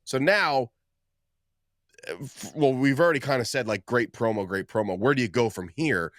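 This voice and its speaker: A man's voice: mid-range voice, moderate pace, a bit bright, no echo, studio quality. A man co-hosting a podcast in casual chat, rambling and acting out quotes in different voices. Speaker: podcast co-host.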